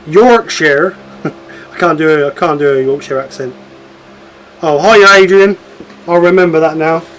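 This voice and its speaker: A man with a high-pitched voice hosts a casual craft livestream. He chats with viewers in an easygoing, self-deprecating way and thinks out loud as he works through technical problems. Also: fairly even intonation, normal speed, a little hiss or hum, poor audio. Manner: chatty, self-deprecating, troubleshooting aloud. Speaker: woodturning livestream host.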